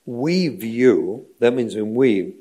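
Expressive yet slow, the dark, mid-range voice belongs to a middle-aged rabbi giving a training lecture about parenting and education. He argues emphatically and rhetorically, often pausing to check in with "right?".

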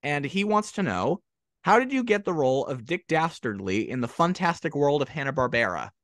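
Lively-voiced male podcast host. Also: a little high, fairly quick, dry recording, clean studio sound. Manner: eager, lots of short backchannel affirmations. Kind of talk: casual interview.

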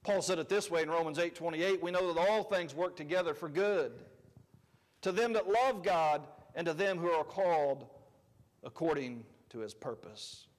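A man preaching a sermon as pastor, conversational, swinging between loud emphatic lines and quiet asides. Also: on the high side, normal speed, big-room sound. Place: church sanctuary.

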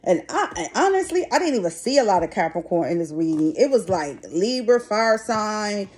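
A woman's voice: medium pitch, very animated, normal speed, darkish tone. A middle-aged woman giving a casual tarot reading to her viewers, talking bluntly and chattily and swearing freely. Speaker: tarot reader. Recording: noisy background.

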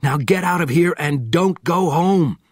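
A man's voice: fairly high pitch, measured pace, dry recording, clean studio sound, pitched above the performer's own voice. A man doing an urgent, anxious ex-spy. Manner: urgent, commanding. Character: anxious middle-aged male ex-spy with a limp.

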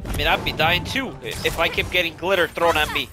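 A man's voice: on the high side, fairly even intonation, fast talker. A man casually commenting as he plays a video game, joking, swearing and laughing often. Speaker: gaming streamer. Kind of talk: casual let's-play commentary. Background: game music and sound effects.

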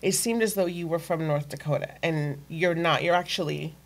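A woman hosting an interview show, relaxed and prompting her guests with short affirmations. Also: sits low, moderate pace. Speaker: host. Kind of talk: casual interview.

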